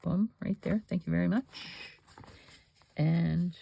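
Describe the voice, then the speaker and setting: Chatty woman with a gravelly fry. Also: lowish voice, slow, pauses often, warm tone, slight background noise. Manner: chatty, rambling asides while working. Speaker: crafting channel host. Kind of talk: casual crafting demonstration, thinking aloud.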